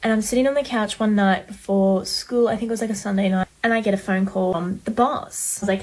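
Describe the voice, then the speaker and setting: A young woman casually retelling a story about losing her first job, chatty and animated. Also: medium pitch, fast talker, hardly any pauses.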